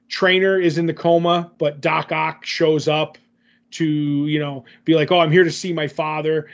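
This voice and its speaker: Gravelly man recapping comics casually. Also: on the high side, dull audio. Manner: rambling, many fillers and self-corrections. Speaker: comic book podcast co-host.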